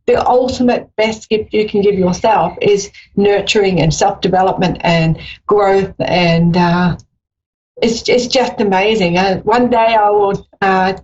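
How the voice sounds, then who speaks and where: An Australian woman hosts a live psychic call-in radio show. She talks encouragingly and rambles through many fillers and restarts. Her middle-pitched voice comes through on a slightly dull, lo-fi recording. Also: steady tone, a little slow, darkish tone.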